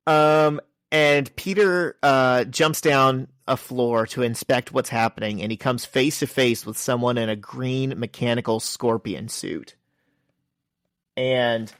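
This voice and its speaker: A man's voice: mid-range voice, a bit bright, dry recording, studio quality. A man co-hosting a casual comic book podcast, joking as he recaps the plot and reads out dialogue. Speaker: podcast co-host.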